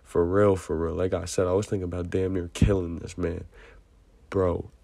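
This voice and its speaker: A young man tells a personal story straight to his listeners in a casual storytime monologue. His voice sits low and dark, with a relaxed, mellow tone. The room sounds dry and close, and he gets heated when he acts out the shouting. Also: moderate pace, gravelly, no echo. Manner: slangy, heated retelling with acted-out shouted quotes.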